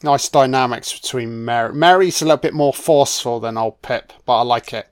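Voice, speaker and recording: A man giving a casual film commentary, reacting excitedly to the action and swearing freely. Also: mid-range voice, brisk, clear, resonant tone.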